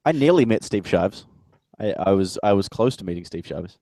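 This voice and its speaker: A man chatting as a guest on a video call, rambling jokily and trailing off into quiet asides. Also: low voice, expressive, moderate pace, a little hiss or hum. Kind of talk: casual chat.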